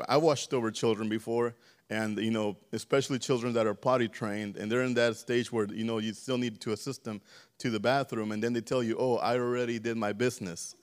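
Male preacher, mid-pitched, casual sermon delivery, halting, repeats words and checks in with the room. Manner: stammers and repeats words, often asks "right?". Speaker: preacher teaching a church service. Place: church sanctuary.

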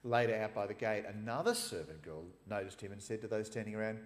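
A man's voice: on the low side, normal speed. A man preaching a sermon, retelling scripture in an emphatic, storytelling way with casual asides. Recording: long reverb of a large hall.

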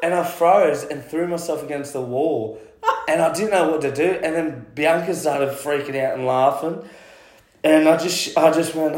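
A man's voice: a little high, normal speed, a little mellow. Swearing Australian man, roomy home recording. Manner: chatty, swears freely, laughs at himself. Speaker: guest, concreter. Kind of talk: casual chat. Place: at home, indoors.

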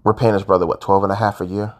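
A man's voice: flat delivery, very fast. Frustrated man ranting about sports. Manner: frustrated, ranting, swings between loud outbursts and low mutters. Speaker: sports fan vlogger. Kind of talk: casual sports rant.

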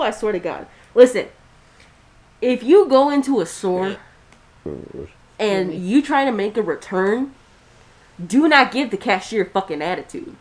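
A woman's voice: a little high, a little mellow. A young woman co-hosting a podcast, telling a story in casual chat with a blunt, profane, ranting manner. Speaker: podcast co-host.

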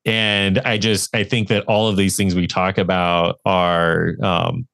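A man hosting a podcast, asking questions in a thoughtful, halting way as he searches for words. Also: sits low, little pitch movement, vocal fry, fairly bright tone, dry recording. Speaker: podcast host. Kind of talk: casual conversation.

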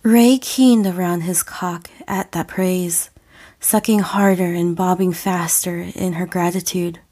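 A woman reading an audio story as a narrator, slow and deliberate. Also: on the low side, steady tone, warm tone. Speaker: audiofic reader.

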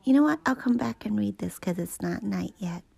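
A woman reciting prayers in a soft, hushed whisper, then chatting quietly. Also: medium pitch, expressive, brisk, creaky, husky.

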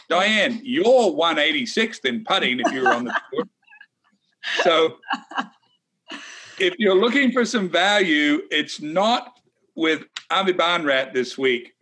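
A former tour pro co-hosts a golf chat in a bright, forceful voice. He is blunt and emphatic, and teases his co-host now and then. His voice sits a little higher than most men's. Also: expressive, a little slow. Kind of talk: casual golf analysis chat.

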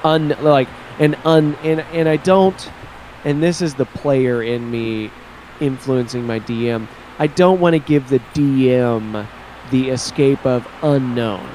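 A man's voice: mid-range voice, takes it slowly, warm tone, a little hiss or hum, rough recording. Rambling man co-hosting a gaming podcast. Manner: rambling, thinks aloud with restarts. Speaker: podcast co-host. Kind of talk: casual chat about tabletop games.

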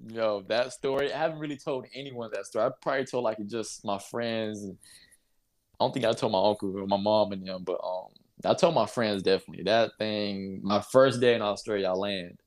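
Young man telling a story, low voice. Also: moderate pace. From North Carolina. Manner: animated, laughs while telling, acts out voices. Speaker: interview guest, basketball player. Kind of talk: casual storytelling.

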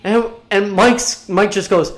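Man, podcast co-host, casual storytelling, profane, animated, acts out quotes. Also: sits high, takes it slowly.

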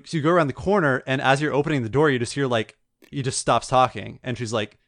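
A man co-hosting a podcast, chatting casually and retelling a story with lively acted-out quotes. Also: mid-range voice, fast talker, dry recording, clean studio sound. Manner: animated storyteller, acts out quotes. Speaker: podcast co-host. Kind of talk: casual chat.

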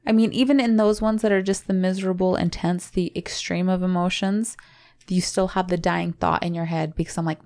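Gravelly low-voiced woman chatting. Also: fairly even intonation, a little mellow. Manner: rambling, emotional, halting restarts. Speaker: podcast co-host. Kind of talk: casual podcast chat.

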